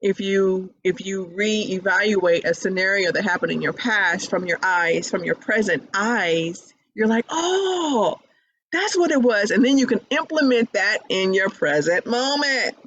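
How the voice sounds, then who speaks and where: A woman's voice: medium pitch, measured pace, hardly any pauses, fairly bright tone, slight background noise. A woman talking casually and animatedly about personal growth, acting out little quotes and laughing often. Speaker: podcast guest speaker. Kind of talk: casual spiritual chat. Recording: dull lo-fi online call audio.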